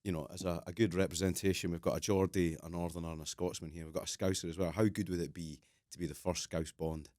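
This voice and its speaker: Low-voiced upbeat male podcast host. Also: fairly even intonation, quick pace, hardly any pauses, darkish tone, no room sound, clean studio sound. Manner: enthusiastic, friendly questioning. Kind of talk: casual interview.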